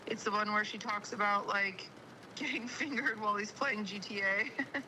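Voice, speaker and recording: A woman guest chatting in a giggly, slangy way, her voice very bright and forward. Her pitch sits in the middle range, and a faint hiss sits under the talk. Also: fairly even intonation, moderate pace, poor audio. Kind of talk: casual chat.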